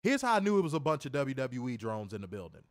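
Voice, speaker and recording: Animated, ranting man hosting a wrestling stream. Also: mid-range voice, quick pace, no room sound, clean studio sound. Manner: emphatic, profane, mocking. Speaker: wrestling show host. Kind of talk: casual profane rant on a livestream.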